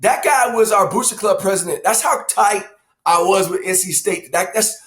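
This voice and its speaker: A man's voice: high-pitched, moderate pace. A man, telling family stories on a podcast and acting out quotes. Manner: animated storyteller, acts out quotes. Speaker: father of the hosts, former coach. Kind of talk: casual family podcast storytelling.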